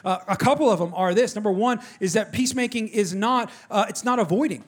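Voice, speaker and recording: A middle-aged man, preaching a sermon in an animated, conversational way and talking directly to his congregation. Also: sits high, brisk. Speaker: pastor. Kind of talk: sermon with personal storytelling.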